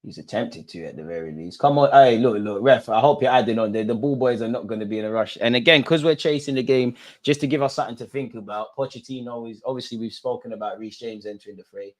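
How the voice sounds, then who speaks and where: A man's voice: medium pitch, fast talker, hardly any pauses. A young man hosting a live football watch-along, reacting as a partisan fan and talking straight to his viewers in street slang. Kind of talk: live fan commentary on a match.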